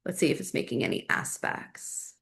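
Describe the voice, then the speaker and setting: A woman's voice: moderate pace, fairly bright tone. A young adult woman hosting a solo astrology podcast, chatting casually and thinking aloud with lots of fillers.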